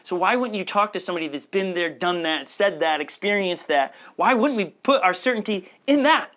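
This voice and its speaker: Man, middle-aged, pastor, conversational sermon, quick asides. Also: high-pitched, expressive, fairly bright tone.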